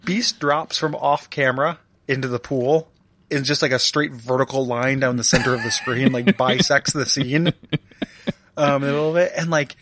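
A man's voice: medium pitch, normal speed, fairly bright tone, a little hiss or hum. A man co-hosting a casual podcast, rambling with many restarts and laughing often. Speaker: podcast co-host. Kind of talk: casual chat.

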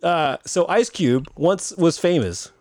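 A man hosting a casual movie podcast, joking and slipping into quick impressions. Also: on the high side, dry recording, clean studio sound. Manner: animated, jokey, quick impressions. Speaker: podcast host.

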